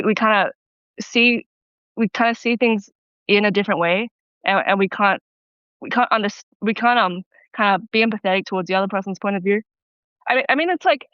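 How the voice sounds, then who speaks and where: A young woman calling into an advice show, recounting a fight with many halting restarts. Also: mid-range voice, dry recording. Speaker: caller. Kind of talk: call-in advice conversation. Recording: muffled phone-line caller audio.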